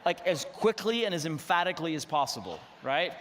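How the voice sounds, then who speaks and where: Animated middle-aged preacher in a reverberant church. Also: male voice, fairly high pitch, a little fast, a little hiss or hum. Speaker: pastor. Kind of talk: sermon. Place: church sanctuary. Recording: long reverb of a church hall.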